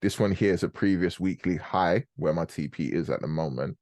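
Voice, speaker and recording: Brief: young male host, very low voice, dry close sound, quick casual trading talk. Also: a little mellow, no echo. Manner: fast, casual and explanatory, slangy. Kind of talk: live trading commentary on a group call.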